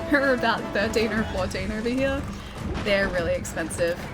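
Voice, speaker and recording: A woman's voice: medium pitch, expressive, normal speed, loud music behind the voice. A young adult woman with an Australian accent, chatting casually on a live stream while gaming, laughing often as she answers chat.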